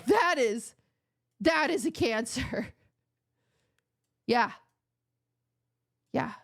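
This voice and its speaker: A woman's voice: high voice, lively intonation, extremely slow, vocal fry. A young woman streaming from home, chatting with her viewers in a rambling, joking, mock-outraged way. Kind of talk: casual chat with chat viewers.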